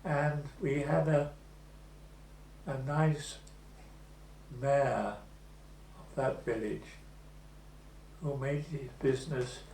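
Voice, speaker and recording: A man in his eighties recalling the past in an oral history interview, telling his story slowly and with pauses. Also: medium pitch, fairly even intonation, creaky, a little mellow. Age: 80s. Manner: slow, measured storytelling with pauses. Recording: echoey room with faint hum.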